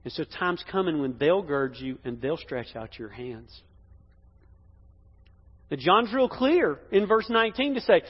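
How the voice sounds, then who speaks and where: Husky high-voiced pastor preaching hard, loud then hushed, echoey dull church. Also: male voice, big pitch swings, a little slow, pauses often. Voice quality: emphatic, swinging between loud and hushed. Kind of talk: sermon. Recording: dull echoey hall sound.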